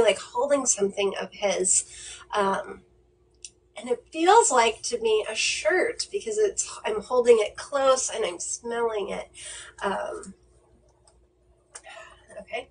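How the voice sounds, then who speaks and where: Woman, medium, livestream reading, gentle, hesitant, lots of fillers, slightly high voice, distant mic, faint background noise. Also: lively intonation, takes it slowly, long pauses. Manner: hesitant, many fillers and restarts; gentle and reassuring.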